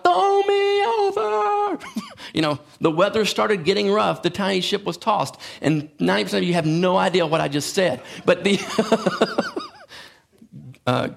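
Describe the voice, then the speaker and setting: A man's voice: a little high, vocal fry. A man preaching a sermon as a pastor, impassioned, with frequent restarts and asides.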